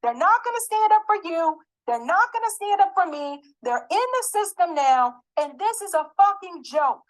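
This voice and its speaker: A woman's voice: very high voice, expressive, moderate pace. A woman giving an angry, emphatic political commentary, swearing and repeating her points.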